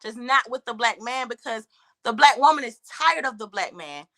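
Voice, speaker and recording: A woman's voice: a little high, lively intonation, moderate pace, a bit bright. A woman guest in a heated debate, emphatic and talking over the host.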